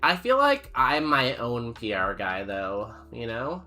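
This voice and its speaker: Slow-talking, jokey young male streamer. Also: medium pitch, wildly swooping pitch, pushed and bright, faint music behind. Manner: rambling, filler-heavy, jokey. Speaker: game streamer. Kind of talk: casual chat while playing and reading chat.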